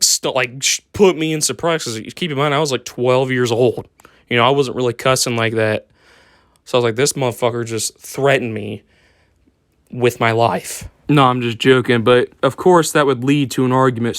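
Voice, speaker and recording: A man's voice: medium pitch, fairly bright tone, smooth, dry recording, clean studio sound. A young man telling a casual story-time tale, rambling and swearing, with lots of fillers and restarts.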